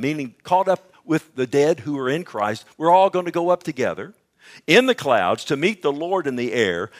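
A man preaching a sermon, swinging from hushed asides to loud, emphatic bursts and often checking in with the congregation. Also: medium pitch.

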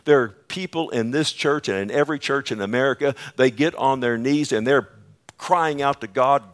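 A male pastor preaching a sermon in church, moving between hushed, near-whispered passages and loud, impassioned outbursts. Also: on the high side, a little fast. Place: church sanctuary.

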